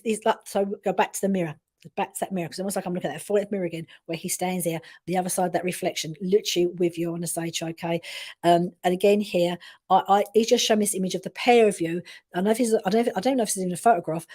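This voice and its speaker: A woman doing a medium reading on a live stream talks quickly, her words tumbling out with many restarts. Her voice is mellow and soft-edged. She keeps checking in with the listener as she goes. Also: mid-range voice. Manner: rambling, full of restarts and repeated check-ins.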